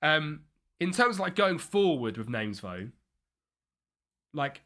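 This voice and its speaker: Young male streamer, bright animated voice, thinks aloud, casual live play-by-play. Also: on the high side, takes it slowly. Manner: chatty, mutters and thinks aloud, excited bursts at chances. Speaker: streamer playing a football management game. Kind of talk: live gameplay commentary.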